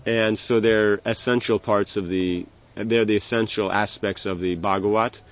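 A low, gravelly male voice delivers a loose, conversational religious lecture, circling back with restarts and filler words. The recording is dull and lo-fi. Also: fairly even intonation. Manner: halting, many restarts and "you know". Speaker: spiritual teacher.

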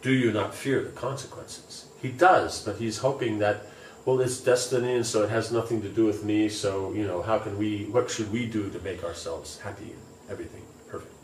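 A man's voice: on the low side, steady tone, a little fast, slight background noise. A man reading scripture aloud and explaining it casually, with many fillers, in a distant, roomy recording. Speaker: scripture teacher. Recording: roomy, distant, faint ambience.

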